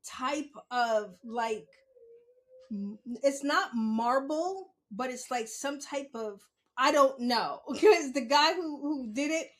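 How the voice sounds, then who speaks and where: Young female podcast host with a high, unhurried voice and an animated, laugh-filled style of telling a story. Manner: laughs a lot, swears freely, animated storytelling. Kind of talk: casual monologue.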